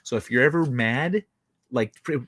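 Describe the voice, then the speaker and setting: A man's voice: medium pitch, normal speed, a bit bright, no echo, studio quality. A man hosting a casual late-night livestream chat, talking in a blunt, profane, rambling way. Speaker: livestream host.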